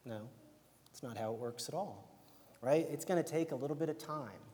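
A man's voice: medium pitch, normal speed, mellow. Young guy w/ alabama accent preaching casual, keeps saying right?, voice rings around a big hall. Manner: conversational, keeps asking "right?". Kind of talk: casual sermon. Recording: long hall reverb.

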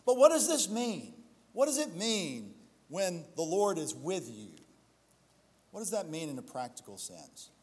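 A man's voice: sits high, sing-song, unhurried, in a large hall. A male pastor preaching a sermon, building to emphatic exhortation and slipping into self-deprecating storytelling asides.

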